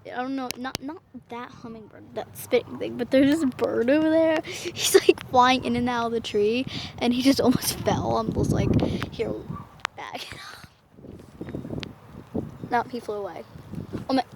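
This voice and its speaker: A woman's voice: a little high, measured pace, vocal fry, long pauses. A young woman chatting casually to her phone camera outdoors, rambling and laughing often as she vlogs from outside in the rain. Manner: giggly, rambling, frequently laughing. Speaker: vlogger. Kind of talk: casual vlog chat. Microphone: phone camera held by hand. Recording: loud rain and outdoor noise.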